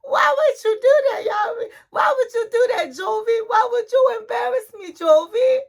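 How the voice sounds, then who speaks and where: A woman voicing a tearful, outraged young wife who shouts and sobs at her husband. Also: normal speed, creaky. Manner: shrill, sobbing, shouting.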